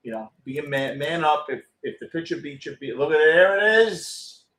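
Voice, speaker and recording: A middle-aged man talks casually through a live baseball game for his viewers. His voice sits a little high, and he reacts bluntly and excitably to each pitch, swearing freely as he goes. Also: normal speed. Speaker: postgame show host.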